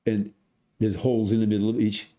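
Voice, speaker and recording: Very old man telling a lively story. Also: fairly low pitch, fairly quick. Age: 100s. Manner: animated storyteller, acts out voices, many restarts. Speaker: podcast guest. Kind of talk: storytelling in casual conversation.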